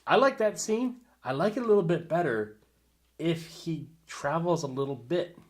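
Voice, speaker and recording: A man's voice: on the high side, lively intonation, normal speed. A man brainstorming film ideas as a guest collaborator, eagerly jumping in with suggestions. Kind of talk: casual brainstorming.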